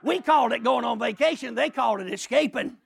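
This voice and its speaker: A middle-aged man preaching a sermon as a lively story, often shouting and laughing as he tells it. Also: very high voice, fast talker, gravelly.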